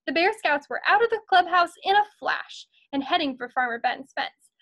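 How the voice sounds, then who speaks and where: A woman teacher reads a picture book aloud to her students. She speaks in a high voice with an encouraging, storytelling manner. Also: lively intonation, normal speed, a bit bright.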